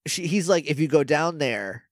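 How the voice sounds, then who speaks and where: Animated man recapping a show on a podcast. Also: a little high, moderate pace, no echo, clean studio sound. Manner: animated retelling with playful voices for characters. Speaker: podcast co-host. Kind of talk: casual chat recapping a show.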